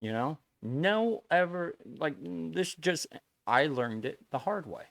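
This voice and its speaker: A man's voice: a little high, expressive, a little slow, vocal fry, fairly bright tone, dry recording. Blunt, lecturing male streamer. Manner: blunt, lecturing, swears, repeats himself. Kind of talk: casual stream chat to viewers.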